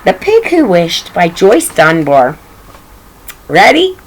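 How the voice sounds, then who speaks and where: A woman's voice: fairly low pitch, huge pitch swings, slow pace, a little hiss or hum, low-quality recording. An older woman reading a picture book aloud to children, chatting affectionately and pointing out the pictures. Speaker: story reader.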